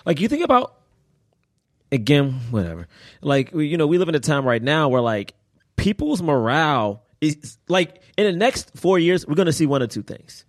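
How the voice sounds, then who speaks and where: A man co-hosting a podcast, talking casually about a film with friends and getting animated as he goes. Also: moderate pace, dry recording, clean studio sound. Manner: animated, jumps way up in pitch when excited. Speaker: podcast co-host.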